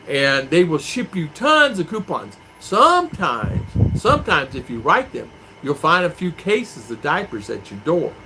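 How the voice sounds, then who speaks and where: A man from the United States, vlogging from home in the Philippines, rambles on a casual live-stream as he reads and answers viewer comments. His fairly high voice is sing-song, bright, and forceful, unhurried yet with hardly any pauses; the poor audio has faint background music and clear clicking noise.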